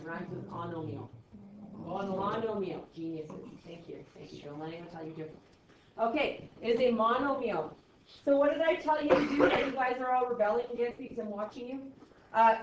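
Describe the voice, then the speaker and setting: A woman's voice: on the high side, slight background noise. A woman teaching a math class, explaining steps aloud with playful, sarcastic asides to her students. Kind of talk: classroom lecture. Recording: echoey, distant, dull classroom audio.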